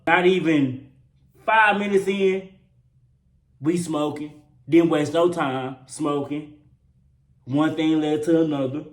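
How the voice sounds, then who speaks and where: Young male vlogger, loose profane storytelling, repeats himself for punch, slightly high voice, roomy echo. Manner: profane, slangy, repeats lines for emphasis. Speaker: vlogger telling a personal story. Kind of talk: casual storytime monologue. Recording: roomy echo with faint hum.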